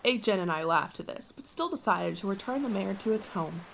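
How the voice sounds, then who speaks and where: A woman's voice: medium pitch, lively intonation, a little fast, vocal fry, slight background noise. A woman reading a fan story aloud in a playful way, breaking off for joking asides and laughing at her own reading. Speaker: channel host reading fanfiction.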